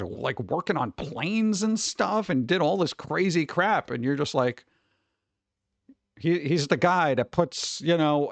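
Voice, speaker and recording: A man streaming casual reaction chat, rambling and joking, breaking into quick put-on voices for his bits. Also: a little high, gravelly, no room sound.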